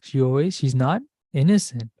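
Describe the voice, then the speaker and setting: A teacher putting on a defiant young servant woman in a spoken storybook tale, her voice mellow and soft-edged. It is a plain, everyday retelling. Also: medium pitch, lively intonation, moderate pace, dry recording, lightly acted. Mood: complaining. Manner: plain retelling of quoted speech.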